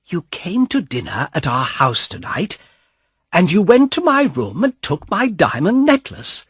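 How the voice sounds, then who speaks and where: A frightened young woman pleads in a high, swooping voice, as a man puts her on. Her tone rises sharply and falls again, and the delivery is unhurried and a little husky. It sounds like a storybook reading. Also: wildly swooping pitch, no room sound, clean studio sound, exaggerated voice. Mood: pleading.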